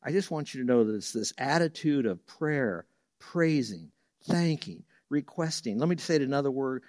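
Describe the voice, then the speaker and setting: A man preaching a sermon as a Bible teacher, telling homely stories and leaping up in pitch and volume for the voices he quotes, then dropping soft for the verses. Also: normal speed, dry recording, clean studio sound. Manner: lively storyteller who jumps high and loud for quoted voices; drops soft and low for reverent verses.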